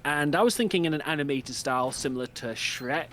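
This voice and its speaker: A man in a casual book club chat, pitching ideas with rambling enthusiasm. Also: fairly quick, a bit bright.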